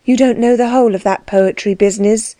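A woman voicing a frank, mischievous young girl in an audiobook, blurting out her words in halting, defiant bursts. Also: a little high, steady tone, warm tone, no room sound, natural voice.

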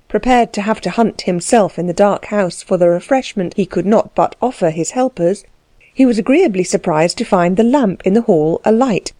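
A woman reading a novel aloud as an audiobook narrator, in a measured, even storytelling manner. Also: medium pitch, dry recording. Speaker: audiobook reader. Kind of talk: scripted narration.

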